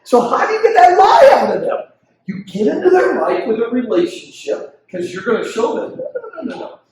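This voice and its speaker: A high-voiced older man preaching a parenting talk with big swings in his delivery. He slips into the voices of children and parents as he teaches. The sound is roomy, with a faint hum of ambience behind him. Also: normal speed, far from the mic. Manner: animated preacher who acts out quotes of kids and parents. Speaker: pastor leading a parenting session. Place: church hall.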